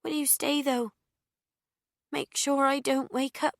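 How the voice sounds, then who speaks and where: A despairing young woman, pleading in an unsteady, raised voice, as a female narrator puts her on. She sounds noticeably higher than the reader's own tone. The recording is dry and close, like a storybook read in a booth. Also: flat delivery, slow pace, gravelly, no echo, exaggerated voice.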